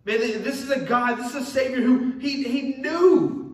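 A man's voice: very high voice, normal speed. A young man preaching a sermon as pastor, earnest and repeating key phrases for emphasis. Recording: echoey room, mic at a distance.

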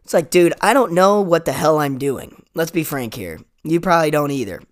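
In this comedic rant monologue, a young male podcast host with a slightly high voice speaks at a moderate pace with lively intonation. He rants sarcastically, swearing a lot and leaning on "like" and "dude."

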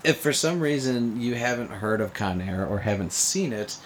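A man's voice: medium pitch, expressive, normal speed, a loud crowd. A young man in casual conversation, rambling with lots of fillers and frequent laughs. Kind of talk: casual podcast chat about movies.

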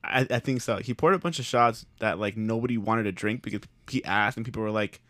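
A man co-hosting a casual podcast, telling a party story with swearing and loud punchlines. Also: lowish voice, fairly quick, no room sound, clean studio sound. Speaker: podcast co-host.

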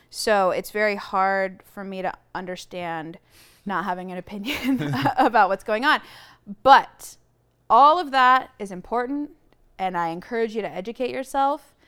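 A woman's voice: mid-range voice, fairly bright tone, clean tone. A woman guest on a podcast, talking earnestly in casual conversation and searching for her words, on a lapel mic. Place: room shared with host.

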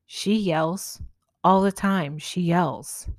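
A woman's voice: fairly low pitch, very slow, no room sound, studio quality. A woman voicing a shy, whispering little boy. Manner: soft, almost whispering. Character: shy hurt little boy, quiet and delicate.

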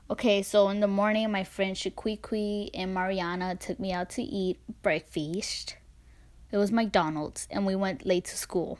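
An eighteen-year-old woman hosting a podcast, talking casually in a chatty, sarcastic way. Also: medium pitch. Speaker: podcast host.

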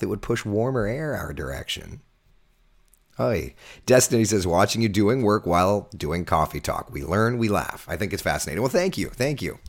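A man with a hoarse, recovering voice, hosting a casual live weather chat and reading out viewer comments. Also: low-pitched, expressive, fairly quick. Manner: chatty, jokey, reads out viewer comments.

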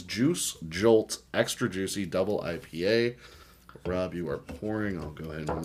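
A man's voice: sits low, animated, brisk, noisy background. A man co-hosting a casual beer review podcast, rambling, joking and reading can labels aloud. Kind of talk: casual chat.

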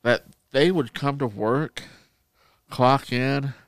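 A man co-hosting a podcast, telling stories in casual chat, animated and profane. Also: medium pitch, takes it slowly, no echo. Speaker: podcast co-host.

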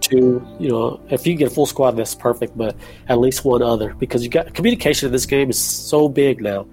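Guy, gravelly voice, chill podcast guest, faint music behind. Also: mid-range voice, a little fast, darkish tone. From Texas. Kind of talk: casual gaming podcast chat.

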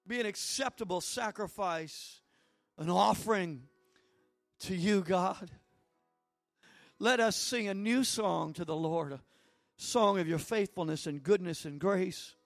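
A male preacher with a notably high voice delivers a sermon with fervent conviction. His delivery swells from teaching into loud, impassioned prayer. The sound is dry and close, with no room echo. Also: slow pace, pauses often, soft background music.

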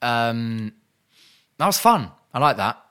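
A man co-hosting a comedy podcast, joking in a mock-serious, deadpan way and swearing. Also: medium pitch, slow, smooth. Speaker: podcast co-host. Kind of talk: casual comedy chat.

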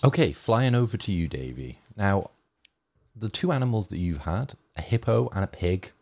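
A man with a very deep voice that swoops widely up and down. He talks in a playful, teasing way on a gaming podcast. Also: expressive, normal speed, creaky, darkish tone. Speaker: podcast co-host. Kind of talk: casual gaming podcast chat.

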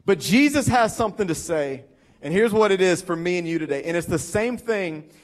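A man's voice: high voice, animated, brisk. A man with a Southern US accent, a pastor preaching a sermon in a conversational storytelling way with self-deprecating asides. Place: church.

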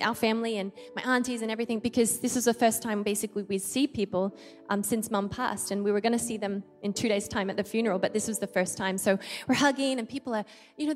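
A middle-aged woman pastor preaching a personal story in a confiding, emotional way, often halting. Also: a little high. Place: church auditorium. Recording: church hall reverb, soft music.

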